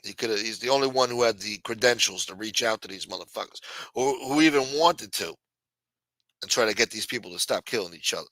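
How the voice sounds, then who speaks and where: A man's voice: fairly low pitch, brisk, sharp tone, no echo, poor audio. A man hosting a late-night talk show, ranting bluntly with lots of profanity. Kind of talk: casual talk-show rant.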